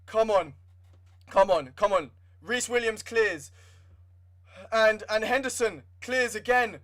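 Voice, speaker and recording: A young man giving live fan commentary on a football match, excitable and swinging from nervous muttering to shouting. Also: high voice, takes it slowly. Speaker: livestream football watchalong host.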